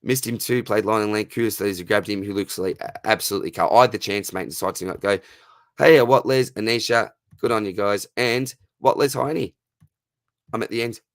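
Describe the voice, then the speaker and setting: A man in his thirties with an Australian accent, hosting a casual live Q&A, friendly and matey, his voice going hoarse. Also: lowish voice, a little fast, no room sound. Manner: matey and friendly, calls viewers mate and brother. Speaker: livestream host answering fantasy football questions.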